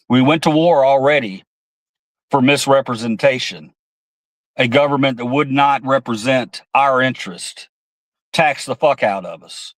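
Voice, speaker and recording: A man hosts a political livestream and rants with heat and plenty of cursing, stopping now and then to read out chat comments. His voice sits at a middle pitch and sounds dry and close, with almost no room echo. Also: moderate pace. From United States. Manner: heated, profane, reads chat comments aloud. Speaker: livestream host. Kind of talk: angry political livestream rant.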